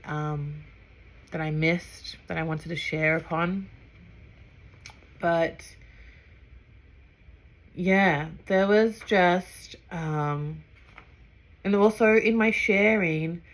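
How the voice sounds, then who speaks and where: A young woman with a low voice speaks softly and reflectively, pausing often and searching for words. She talks through a personal experience in a gentle, unhurried way. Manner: soft, halting, with many fillers and pauses. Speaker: breathwork trainee.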